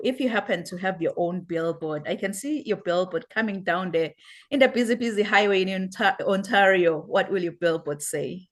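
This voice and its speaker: A woman's voice: medium pitch, moderate pace. Effusive woman hosting a talk show. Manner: effusive, repeats "wow". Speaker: host. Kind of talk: enthusiastic interview show hosting.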